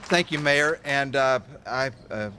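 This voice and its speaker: A man, a county commissioner, giving a formal speech in a halting way, with many pauses and fillers. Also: medium pitch, pushed and bright, some chatter behind, slight background noise.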